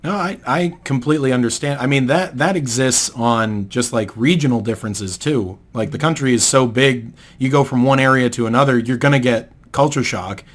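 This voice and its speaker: A young man hosting a relaxed podcast, his voice at an everyday middle pitch. He explains at length, patiently, with plenty of "uh" and restarts. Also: moderate pace, few pauses. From New England, United States. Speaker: podcast host. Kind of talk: casual podcast chat.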